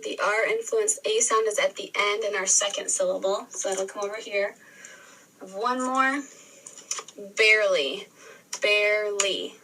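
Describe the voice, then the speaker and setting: A woman teacher giving a recorded spelling lesson, sounding words out slowly and clearly syllable by syllable. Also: medium pitch, steady tone, sharp tone, slight background noise. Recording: re-filmed video playback, distant sound.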